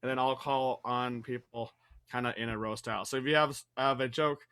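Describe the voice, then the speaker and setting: Bright-voiced man leading an improv game. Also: medium pitch, fairly even intonation, brisk, smooth. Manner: rambling, self-deprecating asides. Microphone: video call.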